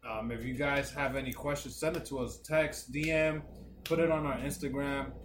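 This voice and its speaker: A man's voice: medium pitch, normal speed. Man telling stories in an echoey room. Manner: animated storytelling, swears freely, acts out quoted people. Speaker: podcast co-host. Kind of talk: casual podcast chat. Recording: echoey room with background noise.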